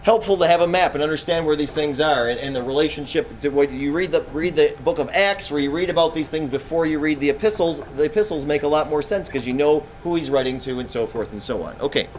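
A man's voice: fairly high pitch, fast talker, hardly any pauses, a little hiss or hum, low-quality recording. A man teaching a Bible class in a classroom, talking casually, quizzing his students and often restarting his sentences.

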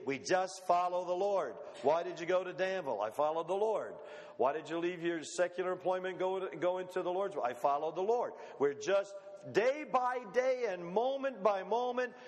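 Folksy preacher man in echoing hall. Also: sits high. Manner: folksy, conversational preaching with rhetorical questions. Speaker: pastor. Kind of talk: sermon. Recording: long hall reverb.

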